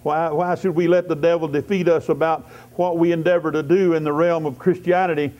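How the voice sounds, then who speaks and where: A high-pitched man preaching with fervor at an evening church service, stacking repeated declarations and crying out hallelujah between them. The recording is dull and lo-fi, with the highs rolled off. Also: flat delivery, fairly quick, hardly any pauses, darkish tone. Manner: fervent, repetitive declarations punctuated by hallelujahs. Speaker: lay preacher.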